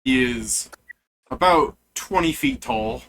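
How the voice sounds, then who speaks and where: A man running a tabletop game as game master, animated and often repeating himself. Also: on the high side, slow, vocal fry, a little hiss or hum.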